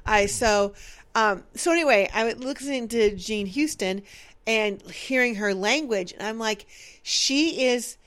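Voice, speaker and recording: A woman co-hosting a casual chat, talking in an animated way, laughing often and swinging quickly between loud and soft. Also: a little high. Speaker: podcast co-host.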